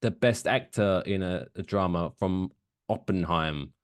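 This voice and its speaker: A man's voice: deep voice, measured pace, clear, resonant tone, dry recording, clean studio sound. A man co-hosting a podcast, chatting casually and telling rambling stories with plenty of swearing. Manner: animated, rambling storyteller who swears. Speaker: podcast co-host. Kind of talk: casual chat.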